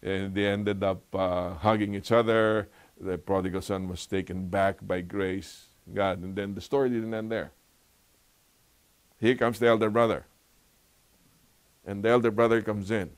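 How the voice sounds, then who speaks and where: A man's voice: on the low side, level tone, measured pace, long pauses, clear, resonant tone. A man teaching a Bible lesson in a conversational way, asking rhetorical questions and laughing often. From Philippines. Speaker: Sabbath school teacher.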